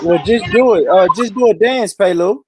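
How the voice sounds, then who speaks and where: A man's voice: sits high, normal speed, over music. A man hosting a livestream, ranting in a heated, profane, repetitive way. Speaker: livestream host.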